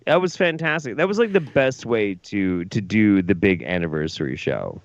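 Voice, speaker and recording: Drunk man, swearing a lot, lively swinging pitch, dry muffled sound, rowdy storytelling. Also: normal speed, dry recording. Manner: profane, animated, acts out drunken quotes. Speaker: co-host.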